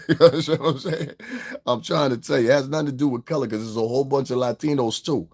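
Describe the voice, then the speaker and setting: A man's voice: mid-range voice, fairly even intonation, fast talker, darkish tone. A man hosting a livestream, ranting bluntly and profanely straight at his chat and slipping into mocking voices of others. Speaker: online show host. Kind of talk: casual livestream rant.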